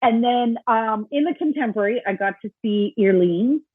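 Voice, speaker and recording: A woman's voice: fairly high pitch, normal speed, slightly rough, no room sound. A woman co-hosting a podcast, chatting casually, often laughing and acting out quoted voices. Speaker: podcast co-host. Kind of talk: casual chat. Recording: tinny phone-like remote line.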